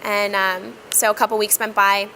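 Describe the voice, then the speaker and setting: A woman sharing a personal testimony in an earnest, reflective way, with frequent pauses and fillers. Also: medium pitch, level tone, pushed and bright, a little hiss or hum, poor audio. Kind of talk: heartfelt personal storytelling.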